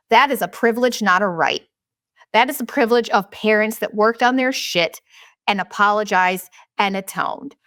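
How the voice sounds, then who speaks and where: A woman's voice: medium pitch, a bit bright, no echo. Casting note: frank woman in her thirties, blunt and candid, swears freely, dry close sound. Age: 30s. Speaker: podcast host. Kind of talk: candid personal monologue.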